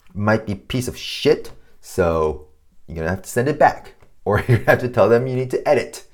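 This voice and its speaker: A man's voice: on the low side, expressive, a little fast. A man hosting a design podcast, giving casual advice in a loose, swearing, ranting monologue. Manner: swears a lot, ranting, mocks clients in put-on voices. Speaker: podcast host.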